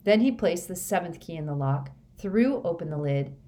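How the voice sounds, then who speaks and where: A woman narrates a story with a low, steady voice. Her reading is measured and even. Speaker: audiobook reader.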